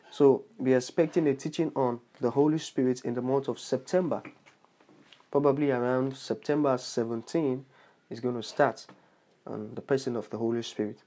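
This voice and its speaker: A man's voice: medium pitch, a little mellow. A man preaching on his podcast as a bishop, leading a prayer with earnest repetition and cries of praise. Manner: earnest, repeats phrases, exclaims praise. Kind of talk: podcast sermon with altar call.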